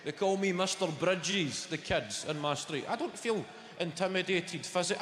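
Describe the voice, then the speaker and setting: A man with a Scottish accent doing stand-up, sardonic and profane, telling stories with lively energy. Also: high-pitched, moderate pace, few pauses, noisy background. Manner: sardonic, swearing, animated storytelling. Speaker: stand-up comedian. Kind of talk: live stand-up routine. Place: large live venue. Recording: echoey live hall with loud ambience.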